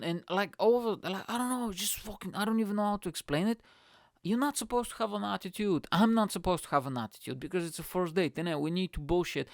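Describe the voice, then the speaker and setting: A man's voice: fairly high pitch, no room sound, clean studio sound. Swearing man telling a dating story. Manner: swears constantly, animated storytelling. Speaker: podcast host and comedian. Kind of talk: casual comedic podcast rant.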